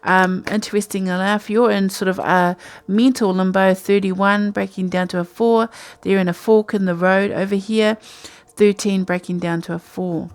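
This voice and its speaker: A woman's voice: mid-range voice, steady tone, normal speed, few pauses. A woman giving a casual, rambling tarot reading from home at night, talking in a chatty, intuitive way. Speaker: tarot reader.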